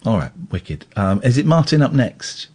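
A man's voice: medium pitch, big pitch swings, normal speed, darkish tone, breathy edge. A man hosting a late-night radio show, joking and self-mocking, rambling with restarts into a studio microphone. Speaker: radio host.

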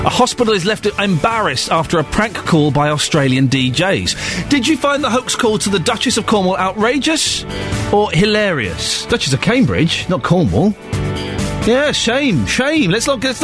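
A man hosting a radio show, joking and mock-indignant in a playful studio patter. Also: fairly high pitch. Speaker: radio host. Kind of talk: jokey radio banter. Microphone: studio microphone.

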